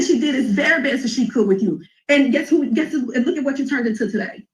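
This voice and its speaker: A woman with a fairly high voice gives a friend a heartfelt, emphatic pep talk, driving her points home again and again. The clip comes from a reality show and sounds roomy and echoey. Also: quick pace. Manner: emphatic, preachy, repetitive. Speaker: reality TV cast member.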